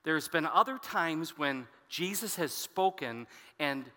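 Bright-voiced preacher man in a hall. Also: fairly high pitch, expressive, slow. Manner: expository preaching, conversational asides to the congregation. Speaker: pastor. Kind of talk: sermon.

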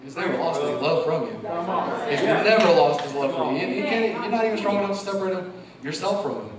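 Middle-aged male lay preacher, earnest and emotional, a touch high, recorded from afar in a church with listeners around. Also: animated, fast talker, over a noisy crowd. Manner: emotional, earnest, laughs between lines. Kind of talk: church testimony. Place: church sanctuary. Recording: echoey hall, mic far off.

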